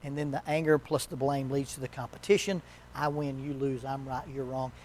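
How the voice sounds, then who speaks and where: A man's voice: medium pitch, steady tone, a little mellow, a little hiss or hum. Folksy man teaching a marriage workshop. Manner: folksy, joking asides, quick acted quotes. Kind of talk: conversational church workshop teaching. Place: church.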